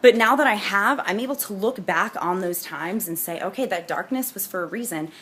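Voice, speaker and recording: A woman's voice: medium pitch, brisk, fairly bright tone, a little hiss or hum. A young adult woman chatting casually and upbeat in a vlog, bubbly and talkative with frequent restarts. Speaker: vlogger. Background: jazzy music playing.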